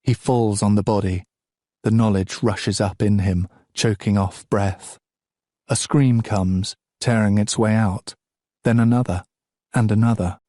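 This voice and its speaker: Man, audiobook narrator, low voice, very slow, dry close sound. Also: dark tone, no echo. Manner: slow, measured, grave reading. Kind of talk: scripted narration of a novel.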